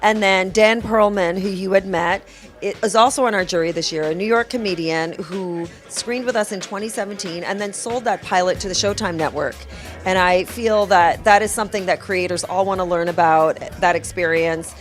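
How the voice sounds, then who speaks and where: An earnest woman founder speaks in a casual interview, circling her points with fillers at an average pitch. Faint music runs behind her. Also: moderate pace. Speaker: festival founder, guest.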